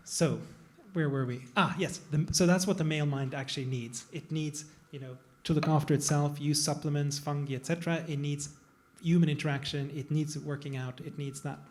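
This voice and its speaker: A man's voice: fairly high pitch, steady tone, moderate pace, darkish tone. A man, a plastic surgeon, talking casually on a panel to a live audience, digressive and self-deprecating. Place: event room with an audience.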